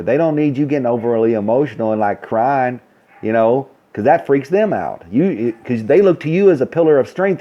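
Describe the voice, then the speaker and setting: A man's voice: mid-range voice, muffled recording. A man who works as a nursing supervisor, telling a story in a blunt, ranting way and acting out the dialogue. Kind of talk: casual storytelling rant.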